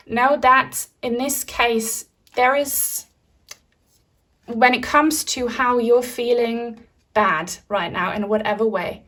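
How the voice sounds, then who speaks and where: A woman's voice: on the high side, fairly bright tone. A woman giving a pick-a-card tarot reading in a soothing, reassuring spiritual tone. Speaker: tarot reader.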